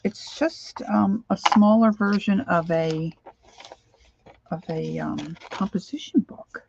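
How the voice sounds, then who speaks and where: A woman's voice: medium pitch, slow, vocal fry, highs cut off, background noise. An older woman hosting a crafting livestream, chatting casually and greeting viewers by name as she works.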